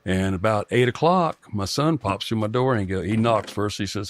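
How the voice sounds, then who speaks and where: Deep-voiced man telling a story. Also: a little hiss or hum. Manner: halting, with frequent restarts and fillers. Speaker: guest telling a personal experience. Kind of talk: rambling first-person storytelling.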